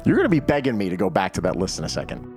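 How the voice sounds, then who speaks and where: A man's voice: deep voice, wildly swooping pitch, rapid-fire, darkish tone, faint music behind. A man in his thirties hosting a game show over a video call, teasing and playful. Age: 30s. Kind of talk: joking livestream banter.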